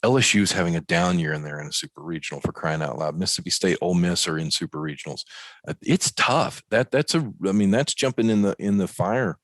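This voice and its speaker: A man from Arkansas co-hosting a podcast, breaking down college baseball in a folksy, animated way with plenty of fillers and jokes. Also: deep voice, fast, no echo. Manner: folksy, animated, joking analysis with many fillers. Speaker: podcast co-host. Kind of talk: casual sports talk. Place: ballpark.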